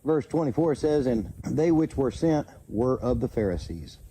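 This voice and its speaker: A man slowly reading Bible verses aloud and pausing to comment, stumbling over names and correcting himself. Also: medium pitch, lively intonation, dark tone, slight background noise. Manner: slow, halting reading with self-corrections. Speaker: channel host reading scripture.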